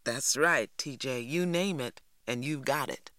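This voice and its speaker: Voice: mid-range voice, measured pace, pushed and bright, dry recording, studio quality. A reader voicing a condescending young man who needles and pushes. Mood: pushy. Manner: needling, pushy.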